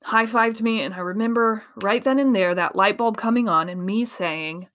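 A woman's voice: mid-range voice, moderate pace. A woman from Iowa giving an emphatic motivational talk as a speaker and coach. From Iowa, USA. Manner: animated, emphatic, acts out quoted voices.

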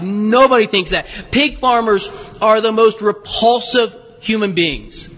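A man's voice: very high-pitched, very animated, unhurried, bright, forceful tone, husky, long reverb tail. A male pastor preaching a sermon in a church in a conversational way, asking the congregation questions. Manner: conversational, asks the congregation questions, frequent restarts.

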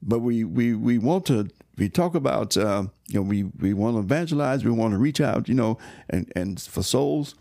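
A man's voice: mid-range voice, animated, normal speed, few pauses, warm tone, no room sound, clean studio sound. A man speaking as a church minister in an earnest, exhorting conversation, restarting often and pushing up into sudden emphatic bursts. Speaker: church minister co-hosting a faith discussion.

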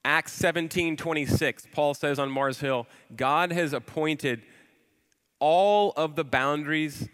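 A man in his forties preaches a sermon with animated storytelling, leaning on emphatic repeated words. His voice sits a little high and rings forceful and bright. A long hall reverb trails behind each phrase. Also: takes it slowly, smooth.

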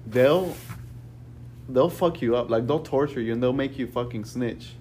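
A man's voice: medium pitch, normal speed, a little mellow, a little hiss or hum. Young man telling a profane story. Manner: profane, rambling, repeats "bro" and "right?". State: a little high. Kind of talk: casual storytelling among friends.

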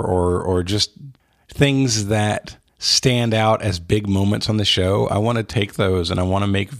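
A man hosting a podcast, warmly thanking supporters in a casual, earnest way with frequent restarts. He is recording in an unfinished spare room without soundproofing, with a slight room echo. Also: sits low. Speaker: podcast host. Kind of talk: casual thank-you segment.

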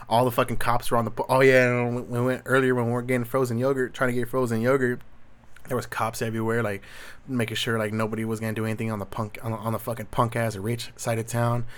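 A young Southern California man hosts a solo Q&A, talking fast in a medium-pitched, level voice. It's a casual rant monologue that rambles and is thick with profanity and slang.

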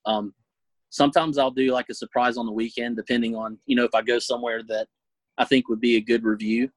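A man's voice: mid-range voice, little pitch movement, no room sound, rough recording. Earnest young man, dry close sound. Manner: earnest, halting, many fillers. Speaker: guest, food reviewer. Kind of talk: casual interview.

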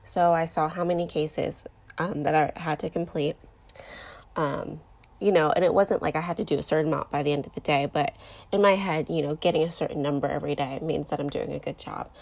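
A woman's voice: low-pitched, fairly even intonation, a little fast, vocal fry, a little mellow. A woman in her thirties hosting a podcast, talking candidly and emotionally through fillers and restarts, close to tears as she speaks. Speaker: podcast host. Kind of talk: personal podcast monologue.

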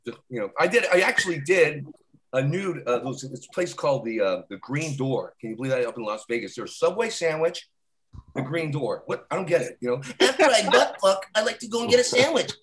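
A male stand-up comedian doing a crude, rambling set that repeats itself. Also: medium pitch. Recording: loud live audience laughter.

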